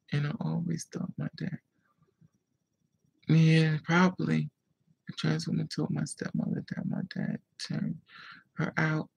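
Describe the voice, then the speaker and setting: Vlogger, casual story time, gravelly fry, husky tone, candid and emotional, hushed asides. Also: medium pitch, low-quality recording. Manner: responds aloud to viewer comments. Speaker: vlogger telling a personal story.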